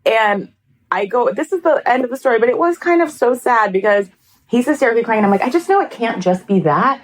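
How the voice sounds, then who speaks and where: Animated, high-pitched woman telling stories. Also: fairly quick. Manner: animated, acts out quoted people, swears freely. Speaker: podcast co-host. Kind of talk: casual comedic storytelling.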